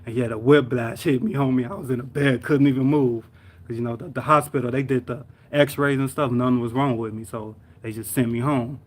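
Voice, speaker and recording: A man's voice: medium pitch, fairly even intonation, fairly quick. A young man on a live stream, telling a story in a rambling, slangy way, full of sound words and fillers. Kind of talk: casual storytelling vent. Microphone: live stream mic.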